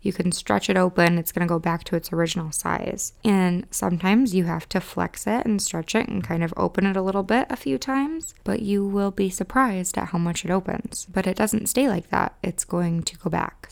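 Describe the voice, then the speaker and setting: A woman's voice: lowish voice, gravelly, darkish tone. Frank Midwestern woman podcast host. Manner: chatty and frank, with frequent "like" fillers. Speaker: podcast host and romance specialist. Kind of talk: casual podcast monologue.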